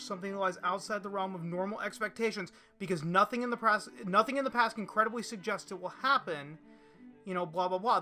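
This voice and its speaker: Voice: medium pitch, sharp tone. A podcast host delivering an opinion monologue and reading articles aloud, often restarting and repeating words.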